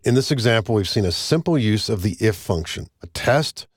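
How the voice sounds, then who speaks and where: A man narrating a screen-recorded software tutorial, explaining each step in a measured, methodical way. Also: fairly low pitch, expressive, no room sound, clean studio sound. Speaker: software instructor.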